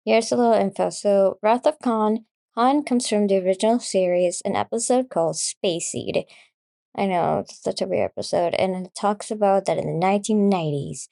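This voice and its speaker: A female podcast host with a warm, mid-range voice and vocal fry talks casually about a favorite movie. She rambles with many fillers, swears freely, and grows emotional.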